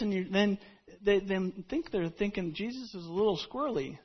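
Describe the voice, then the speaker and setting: Man, pastor, casual storytelling sermon, high pitch, muffled lo-fi audio. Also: brisk, husky. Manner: conversational storytelling preaching with frequent restarts.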